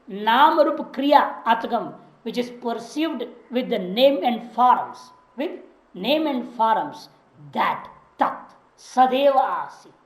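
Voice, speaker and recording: A woman's voice: a little high, roomy sound, poor audio. A woman teaching a scripture class, reciting Sanskrit phrases and explaining them word by word in English. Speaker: Vedanta teacher.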